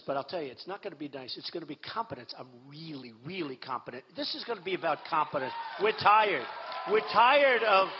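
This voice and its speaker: A man giving a campaign rally speech as a political candidate, repeating himself emphatically and swinging between shouts and low asides. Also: noisy background. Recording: echoey hall, dull sound.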